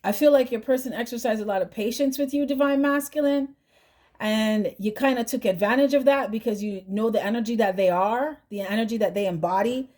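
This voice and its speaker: A woman's voice: fairly high pitch, a little fast, a little mellow. A woman doing a tarot reading, chatty and direct, who keeps asking "right?" and adds "mm-hmm" between thoughts. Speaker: tarot reader.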